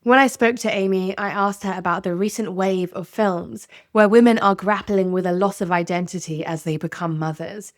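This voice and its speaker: A woman's voice: mid-range voice, moderate pace, few pauses, dry recording, clean studio sound. Candid woman narrating a podcast. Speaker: podcast host. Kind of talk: scripted narration.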